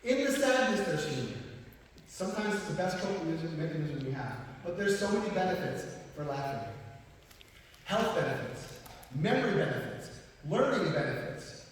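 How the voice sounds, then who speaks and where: A man giving a live motivational talk, telling stories in a lively way and laughing often. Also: high-pitched, moderate pace, slight background noise. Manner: storytelling, animated, laughs often. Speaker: motivational speaker. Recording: echoey hall from far off.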